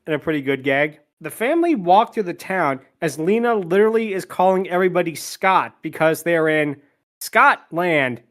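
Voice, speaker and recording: A man with a high, light voice hosts a podcast, walking through a film's plot beat by beat. He tosses in dry jokes between the scenes. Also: animated. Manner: quick plot recap, dry asides, voices quotes. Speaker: podcast host recapping a film. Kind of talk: recap narration with jokes.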